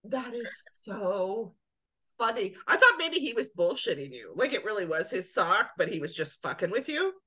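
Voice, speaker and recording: A woman co-hosting a casual chat show, teasing her friend with quick quips and laughter. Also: medium pitch, big pitch swings, pushed and bright, husky. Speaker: podcast co-host.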